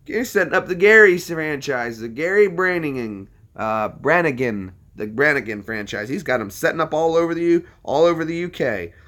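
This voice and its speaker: A man's voice: on the high side, animated, moderate pace, few pauses, fairly bright tone. An American man in casual, upbeat chat, teasing and joking with strangers online. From United States. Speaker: vlogger chatting with strangers online.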